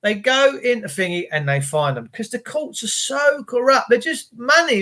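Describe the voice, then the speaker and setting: Bloke hosting a stream, rambly and blunt, higher voice. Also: male voice, sing-song, unhurried, hardly any pauses, bright, forceful tone. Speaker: livestream host. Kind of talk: casual rambling livestream rant.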